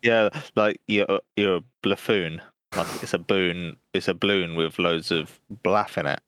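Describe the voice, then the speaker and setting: A man's voice: sits low, steady tone, unhurried, a bit bright, dry recording. A man co-hosting a casual podcast, teasing his partner with silly wordplay and laughter. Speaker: podcast co-host.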